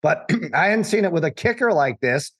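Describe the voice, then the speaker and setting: A man's voice: fairly high pitch, very animated, normal speed, fairly bright tone, slightly rough. A man hosting a casual sports talk show, rambling and often restarting his sentences. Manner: rambling, self-interrupting.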